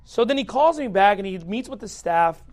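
A man who is a pastor relates his personal story in a high voice with lively intonation at a moderate pace. He keeps it chatty, leans on filler "likes," acts out what people said, and laughs at points along the way.

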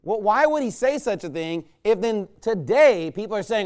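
Folksy male pastor, slightly high voice. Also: lively intonation, normal speed, noisy background. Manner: folksy, rambling, peppered with rhetorical "right?". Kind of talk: conversational sermon.

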